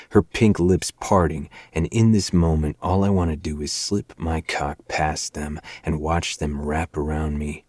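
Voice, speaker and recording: A man hosting a podcast, reading a dark romance novel aloud in a low, measured first-person narration. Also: no echo, clean studio sound. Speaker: podcast host.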